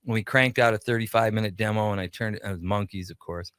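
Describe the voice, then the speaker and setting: A man's voice: fairly low pitch, steady tone, fast, a bit bright, clear, resonant tone, no echo. A man from Minnesota, a radio show creator and guest, telling anecdotes casually in a studio and acting out the dialogue. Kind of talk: casual storytelling.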